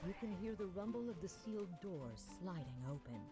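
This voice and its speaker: A man voicing the narrator of a fantasy dungeon game with a measured storytelling delivery, and loud game music behind him. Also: high voice, animated. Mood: calm telling.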